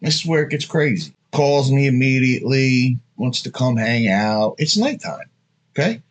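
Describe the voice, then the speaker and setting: A husky-voiced man in his thirties delivers dating tips in a loose, rambling monologue. His pitch swings widely as he jumps between crude asides and stories. He talks bluntly and casually, like he is chatting with friends. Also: expressive, moderate pace. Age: 30s. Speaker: dating advice host.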